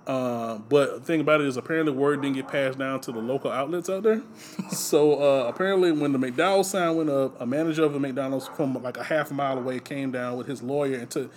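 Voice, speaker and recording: Man, mid-pitched podcast co-host, rambling trivia chat, faint noise underneath. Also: fairly quick. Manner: loose, rambling delivery with frequent fillers and laughs. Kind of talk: casual movie trivia chat.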